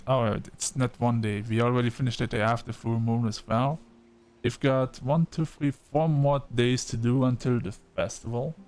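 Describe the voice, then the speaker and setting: A man's voice: medium pitch, a little mellow. A man giving casual let's-play commentary, chatting and reading game dialogue aloud. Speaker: gaming video creator.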